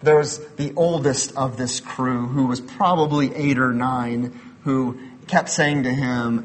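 A man's voice: mid-range voice, steady tone, slow pace. A man in his thirties giving a sermon as a pastor, conversational, mixing personal stories with building emphasis.

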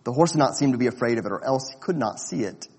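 A man reading a storybook aloud in a measured, expressive way. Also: mid-range voice, husky, big-room sound. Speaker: narrator.

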